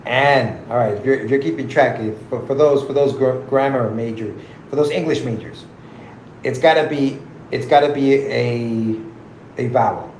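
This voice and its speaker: A man's voice: medium pitch, moderate pace, a little mellow, roomy sound, slight background noise, low-quality recording. A man hosting a casual podcast stream, joking, laughing and reading viewer comments aloud during a crossword game. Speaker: podcast host. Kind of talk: casual live-stream chat with puzzle game.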